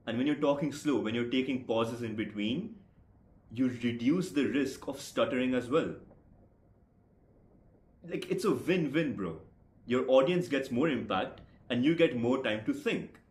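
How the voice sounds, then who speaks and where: A man's voice: medium pitch, moderate pace, darkish tone, reverberant. Brash, profane young man giving advice. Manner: brash, profane, says bro a lot. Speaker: speaking coach vlogger. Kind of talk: blunt advice monologue to camera.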